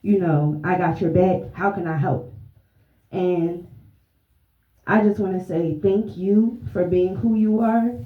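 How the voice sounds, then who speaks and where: A woman's voice: fairly low pitch, fairly even intonation, slow pace. A woman from the audience giving a heartfelt, rambling tribute, then asking a question, with frequent laughs. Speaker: audience member. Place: event room. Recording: roomy, dull lo-fi sound.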